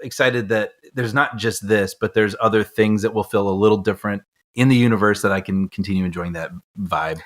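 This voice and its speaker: A man with a fairly low voice chats casually as a podcast co-host. His manner is easygoing and enthusiastic. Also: a little fast. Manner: easygoing, laughs often, enthusiastic. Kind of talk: casual chat.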